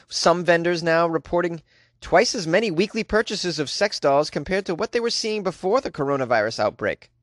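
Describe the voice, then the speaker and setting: A man with a slightly high voice reads odd news stories as a comedian host, breaking off for wry jokes of his own. The sound is close and dry, with no room around it. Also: a bit bright, no echo. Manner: wry, jokey asides. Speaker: podcast host.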